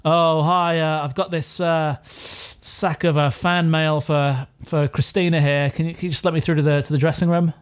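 A man's voice: on the high side, flat delivery, smooth, natural voice. A man doing a sly, cheeky trick-or-treater. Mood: bluffing. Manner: chatty, sly, fast-talking bluff. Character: cheeky trick-or-treater playing a cute kid.

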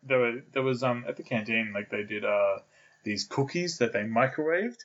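A man's voice: medium pitch, normal speed, fairly bright tone. A young man, co-hosting a casual podcast chat and talking hesitantly, with many fillers and restarts. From Australia. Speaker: podcast co-host. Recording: dull lo-fi sound.

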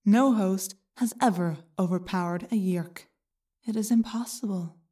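A woman voicing a cold, sneering male alien parasite in an audiobook, menacing and slow. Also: medium pitch, warm tone, distant mic, natural voice.

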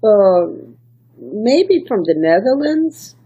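A middle-aged woman, a singer and songwriter, telling stories in a casual interview, animated and laughing often. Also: mid-range voice, slow pace, husky. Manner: animated storyteller, laughs often, mimics quoted voices.

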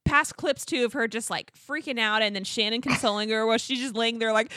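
A woman's voice: a little high, brisk, background noise. A woman co-hosting a podcast, chatting casually and animatedly, laughing often and mimicking people as she retells scenes. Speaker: podcast co-host. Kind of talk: casual chat.

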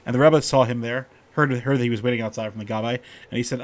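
A middle-aged man giving an informal Torah talk, telling stories and getting animated when he quotes the people in them. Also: medium pitch, fast talker. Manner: storytelling, animated when quoting characters.

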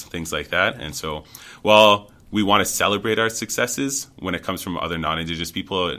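A man from Canada with a remarkably low voice that still comes across bright and forward. He shares personal stories in a thoughtful, conversational interview style, often tagging his points with "right?". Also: fairly quick. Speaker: interview guest. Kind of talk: conversational storytelling.

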